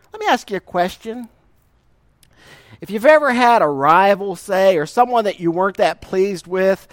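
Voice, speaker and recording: High-voiced folksy preacher. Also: male voice, dry recording, clean studio sound. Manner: folksy storytelling with laughter and emphatic drawn-out verses. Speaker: pastor. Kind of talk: sermon.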